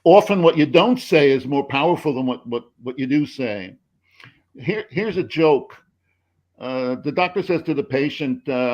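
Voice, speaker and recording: An older man on a video call who rambles through an anecdote with many halting restarts, telling a joke along the way. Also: medium pitch, expressive, darkish tone, lo-fi sound. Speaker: screenwriter and professor, panel guest.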